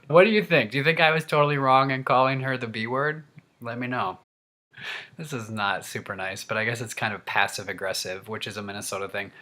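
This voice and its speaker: A man with a bright, forward voice rants to the camera, animated and worked up. He tells a funny vlog story in casual, chatty speech at a middle pitch. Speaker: actor and vlogger. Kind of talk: humorous rant.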